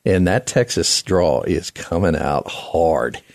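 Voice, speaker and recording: A man hosting a radio talk show, chatty and lively, with plenty of fillers and restarts. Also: deep voice, slow, dry recording, clean studio sound. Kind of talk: radio interview.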